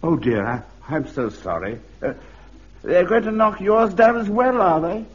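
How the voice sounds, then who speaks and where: A timid, gentle old man. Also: high voice, animated, unhurried. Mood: mild. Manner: soft-spoken, hesitant. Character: gentle, timid elderly man, mild and polite. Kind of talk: vintage radio comedy acting. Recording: dull lo-fi archive radio recording.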